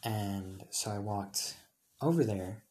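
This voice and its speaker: A young man telling a personal story in a casual, rambling way, full of fillers and quick self-corrections. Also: fairly low pitch, a little mellow. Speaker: high school student telling a personal story.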